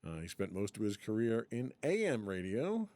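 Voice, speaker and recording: Man, podcast co-host, lively up-and-down pitch, dry close sound, chatty, laughs a lot. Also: normal speed, dry recording. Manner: chatty, laughs often, reads from an article. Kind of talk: casual podcast chat.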